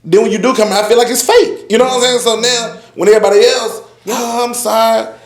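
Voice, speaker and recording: High-voiced man in his forties, echoey room. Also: fairly even intonation, quick pace. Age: 40s. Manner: loose, rambling, leans on "you know what I'm saying". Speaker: roundtable guest. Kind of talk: casual chat.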